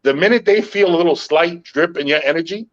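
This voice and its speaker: A middle-aged man hosting a podcast, telling stories in a calm, even tone with frequent "yo" and swearing. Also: on the high side, brisk, dull audio. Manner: calm, even-tempered storytelling with frequent "yo" and profanity. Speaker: podcast host. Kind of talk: casual podcast chat.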